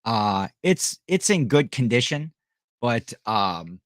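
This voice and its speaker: A man's voice: mid-range voice, sing-song, slow pace, no echo, clean studio sound. Rambling man hosting a live stream. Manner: rambling, reads chat aloud, many fillers and restarts. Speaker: livestream host selling items. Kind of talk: casual live-stream chat.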